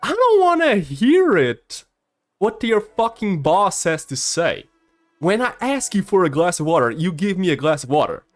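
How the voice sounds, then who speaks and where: A young man putting on the voice of an entitled, angry middle-aged woman customer, shrill and demanding. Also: very animated, normal speed, hardly any pauses, fairly bright tone, faint music behind. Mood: furious.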